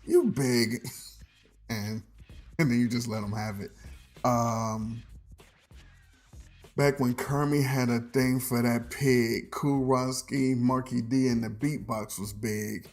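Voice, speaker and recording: A man's voice: medium pitch, steady tone, slow pace, soft background music. Rambling man hosting a podcast. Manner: rambling, laughs often, says "um" a lot. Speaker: podcast host. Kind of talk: casual nostalgic monologue.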